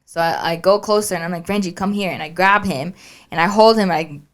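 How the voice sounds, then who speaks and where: A woman's voice: on the low side, fast. A woman co-hosting a podcast, telling a story in casual chat and acting out the voices of the people in it. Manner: animated storytelling, acts out quoted dialogue. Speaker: podcast co-host.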